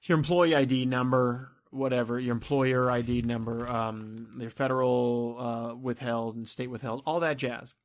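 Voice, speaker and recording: A man's voice: medium pitch, fairly even intonation, moderate pace, few pauses. Exasperated rambling man, ranting vlog. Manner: exasperated, rambling, swears often. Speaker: vlogger.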